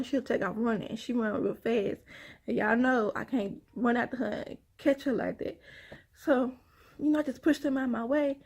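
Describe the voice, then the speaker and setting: A woman tells a long personal story straight to her viewers, often sighing and saying y'all. Her voice is husky and sits a bit high. She talks in a loose, conversational way. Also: a little mellow. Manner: chatty, addresses viewers as y'all, sighs often. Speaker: vlogger.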